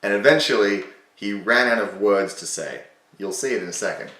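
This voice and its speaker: A man's voice: fairly low pitch, animated, a little fast, sharp tone, reverberant, far from the mic. A man hosting a casual, self-mocking commentary on his own old video, sarcastic and swearing freely.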